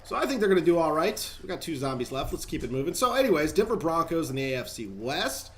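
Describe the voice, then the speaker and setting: A man's voice: a little high, very animated, fast, fairly bright tone, a little hiss or hum. Chatty man rambling over gameplay. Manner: chatty, rambling, talks straight to viewers. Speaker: gaming channel host. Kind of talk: casual gameplay commentary.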